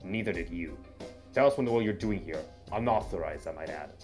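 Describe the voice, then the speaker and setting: A grim, mean-looking drake, played by a man with a very deep, gruff voice. He talks sternly and scolds like a tired superior. Guitar music plays clearly behind him. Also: fairly quick, natural voice.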